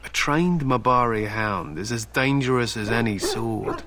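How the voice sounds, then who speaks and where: A man's voice: mid-range voice, animated, measured pace, noisy background, lightly acted. An actor voicing a stern, proud male warrior and hound handler in video game dialogue, telling old tales solemnly and threatening bluntly.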